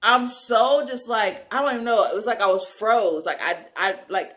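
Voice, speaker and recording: A young woman telling a wild story in a casual storytime vlog, animated and full of filler words. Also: a little high, normal speed. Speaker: storyteller, channel host.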